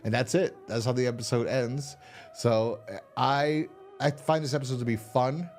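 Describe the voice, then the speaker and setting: A man's voice: mid-range voice, steady tone, moderate pace, a little mellow, faint music behind. A man casually retelling an episode's plot on a podcast, swearing and restarting often. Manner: rambling, profane retelling with many restarts. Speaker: podcast co-host reviewing a horror episode. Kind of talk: casual chat.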